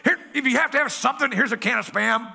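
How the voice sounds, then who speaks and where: A man's voice: extremely high pitch, fast talker, creaky, sharp tone, pitched above the performer's own voice, full character voice. A man putting on the voice of a surly, lazy old grandmother who hollers brashly. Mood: hollering.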